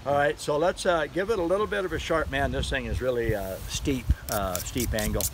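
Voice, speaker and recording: Man, mid pitch, rambling seller demoing his own gear, faint vehicle noise behind. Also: brisk. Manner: rambling, chatty, laughs at his own fumbles. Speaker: knife seller demonstrating a product. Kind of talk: casual product demo vlog.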